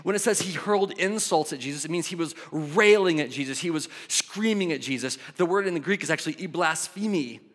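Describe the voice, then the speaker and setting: Animated male preacher in a reverberant hall. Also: a little high, fairly quick, hardly any pauses. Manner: animated, acts out voices, swings from loud to soft. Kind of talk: sermon.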